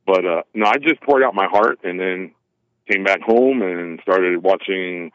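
A man calling in by phone, rambling and halting with self-deprecating restarts. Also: sits low, no echo. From California. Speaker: caller. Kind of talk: phone call-in chat. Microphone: telephone. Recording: tinny phone line.

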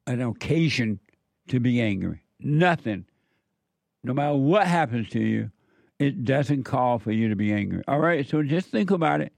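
A man's voice: medium pitch, expressive, normal speed, vocal fry, darkish tone, dry recording. A man delivering an opinion monologue, repeating his warnings with heavy emphasis. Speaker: political commentator.

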